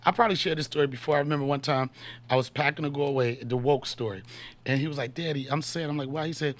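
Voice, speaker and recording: A man's voice: medium pitch, fairly even intonation, racing. A man in his fifties hosting a podcast, telling loose, slangy, joking stories in a casual chat. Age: 50s. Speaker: podcast host and comedian.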